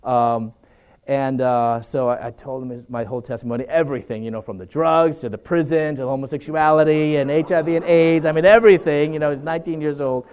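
A man in his forties giving a personal testimony talk to students as a guest speaker, halting and conversational, full of fillers and 'you know', earnest and encouraging. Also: fairly high pitch, fairly even intonation, a little mellow, clean tone, muffled recording.

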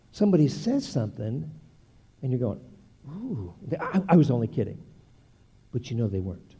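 An older man preaches with animated energy, swinging his voice up and down as he drives each point home. His tone is dark and mellow, with a slightly husky edge. He breaks into playful asides between the points. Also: mid-range voice, highs cut off. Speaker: pastor. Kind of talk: sermon.

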